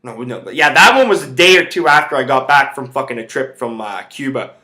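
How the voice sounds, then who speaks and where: Male podcast host, brash and profane, tense bright voice, loose rambling delivery. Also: medium pitch, expressive, a little fast. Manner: rambling, heavy swearing. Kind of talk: casual storytelling rant.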